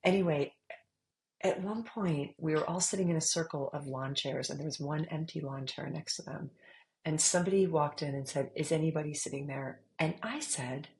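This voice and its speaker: Low-voiced woman telling a funny story. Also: moderate pace, poor audio. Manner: animated, laughing storyteller, squeals when retelling. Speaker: author guest. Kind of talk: casual storytelling interview.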